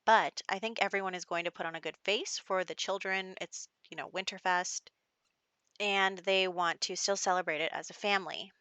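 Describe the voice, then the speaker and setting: A woman's voice: on the low side, steady tone, normal speed, pushed and bright, clean tone, no echo. A woman giving casual, chatty let's-play commentary on a life-sim game, laughing often. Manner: chatty, laughs often, speaks lines for characters in passing. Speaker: gameplay commentator.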